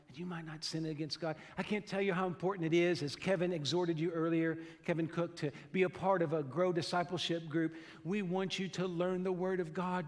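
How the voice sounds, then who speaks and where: A man with a notably high speaking voice delivers a heartfelt sermon from the pulpit. He leans hard on key phrases and slows down to drive them home, often repeating a word as he goes. His voice rings out with the long reverb of a church sanctuary. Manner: earnest, emphatic preaching with slow stressed phrases and frequent repeated words. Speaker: pastor.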